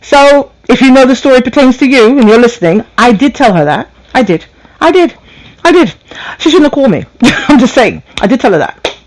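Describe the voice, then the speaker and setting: A woman's voice: high voice, animated, a little fast, low-quality recording. A woman hosting a late-night call-in radio show, telling a story with candid, profane humor and frequent laughter.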